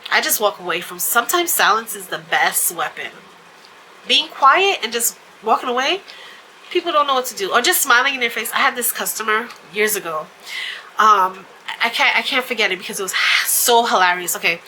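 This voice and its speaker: A woman's voice: on the high side, animated, brisk, pushed and bright, a little hiss or hum, low-quality recording. A woman hosting her own vlog, chatting casually to camera and telling stories with lots of fillers. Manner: chatty storytelling with frequent fillers and laughs. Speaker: vlog host.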